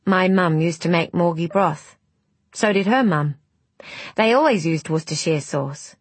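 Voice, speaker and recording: A woman's voice: lowish voice, a little slow, husky, dry recording. A woman voicing a curious, polite young woman who asks eager questions.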